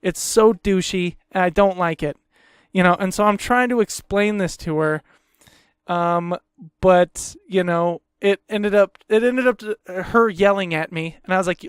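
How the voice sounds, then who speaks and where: A man's voice: sits high, unhurried, clear, resonant tone, no echo, studio quality. A man hosting a podcast, ranting heatedly in a casual, profane way and repeating himself. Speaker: podcast host.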